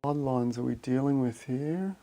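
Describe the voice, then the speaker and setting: A man hosting a casual livestream. He thinks out loud and chats with viewers in a friendly, matey way. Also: mid-range voice, moderate pace. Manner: thinks aloud while reading viewer chat, matey and chatty. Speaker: livestream host.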